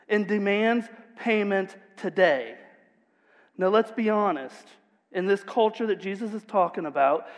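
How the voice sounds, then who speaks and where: A man preaching a sermon as pastor, retelling a parable in an emphatic, conversational storytelling way. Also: sits high. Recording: long hall reverb.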